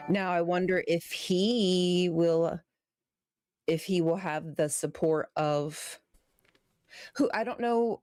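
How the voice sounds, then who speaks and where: A woman's voice: on the low side, takes it slowly, long pauses, darkish tone, dry recording, faint music behind. A woman co-hosting a live talk show, speaking bluntly and emphatically about politics, with plenty of swearing. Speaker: co-host of a call-in show. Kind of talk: casual political chat.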